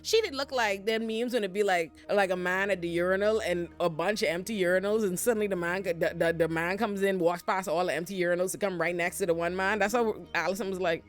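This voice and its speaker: A woman retelling a drama episode as a comedic recap, animated, slangy and profane. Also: lowish voice, quick pace, hardly any pauses, soft background music. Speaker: show recap commentator.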